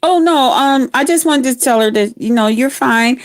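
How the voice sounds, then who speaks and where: A woman's voice: high-pitched, moderate pace, no room sound. Earnest woman guest, dry sound. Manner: earnest, emphatic. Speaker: guest caller. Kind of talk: casual chat.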